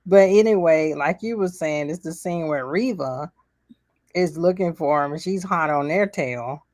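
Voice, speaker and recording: A woman's voice: unhurried, no room sound, clean studio sound. A woman co-hosting a casual podcast chat, retelling scenes and acting out the quotes with laughter. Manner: animated, acts out quotes in high voices, laughs often. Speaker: podcast co-host.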